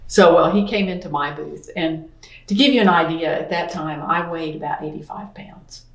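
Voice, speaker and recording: A woman's voice: low-pitched, moderate pace. Earnest middle-aged woman telling her story. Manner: earnest, many "I mean" asides, acts out quoted speech. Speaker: interview guest, painter. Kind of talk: personal storytelling in an interview. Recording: roomy echo.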